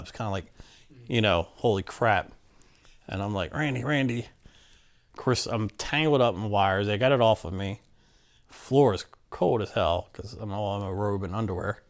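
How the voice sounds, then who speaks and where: A middle-aged man candidly recounting a personal story in an interview, acting out what people said. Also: fairly low pitch. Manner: candid, plainspoken, acts out quotes.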